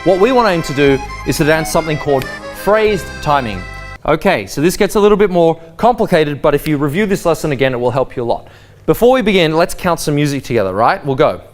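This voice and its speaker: A man's voice: on the high side, animated, fast talker. A man teaching a waltz lesson, explaining timing and counting beats aloud with a sing-song lilt. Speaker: dance teacher. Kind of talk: spoken dance lesson. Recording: faint waltz music behind. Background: waltz music.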